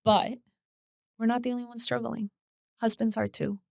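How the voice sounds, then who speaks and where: A woman, a podcast guest, telling a personal story with lively acted quotes, repeated words and frequent laughter. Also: a little high, normal speed, vocal fry, no echo, clean studio sound. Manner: animated storyteller who acts out voices, repeats words and laughs often. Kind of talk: casual interview chat.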